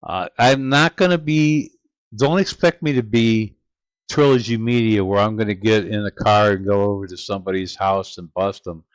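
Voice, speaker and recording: A man's voice: lowish voice, steady tone, moderate pace, no echo, highs cut off. An older man hosting his channel, talking over clips in an earnest, reflective way. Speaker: channel host narrating clips. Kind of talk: casual commentary.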